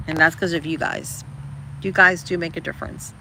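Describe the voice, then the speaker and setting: A woman's voice: sits low, steady tone, normal speed, vocal fry, background noise. A woman chatting casually with her livestream viewers, rambling and calling them girl and guys. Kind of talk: casual live chat.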